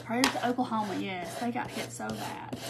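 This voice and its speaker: A woman's voice: fairly high pitch, sing-song, moderate pace. A woman hosting a live crafting tutorial, chatting casually and greeting viewers by name as she works. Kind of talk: live-stream crafting chat.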